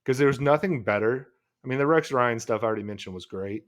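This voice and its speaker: A man's voice: medium pitch, quick pace. A man co-hosting a podcast in casual sports chat, laid-back, laughing often and calling his co-host "dude".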